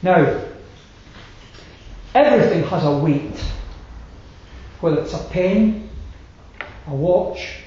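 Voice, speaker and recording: A man preaching a sermon earnestly, building emphatic lists and dropping quiet on key lines. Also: fairly high pitch, takes it slowly, long pauses. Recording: echoey room with faint noise, dull sound.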